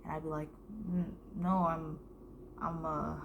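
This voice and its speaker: A woman's voice: low voice, little pitch movement, unhurried, gravelly, highs cut off, noisy background. A young American woman telling a casual storytime vlog, rambling with lots of fillers and the odd whispered aside. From United States.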